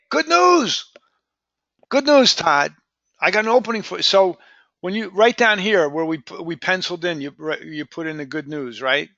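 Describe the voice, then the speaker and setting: A man coaching salespeople in a live training session, energetic and repetitive, often saying "boom". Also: creaky, dry recording, lo-fi sound. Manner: energetic, repeats words, says "boom".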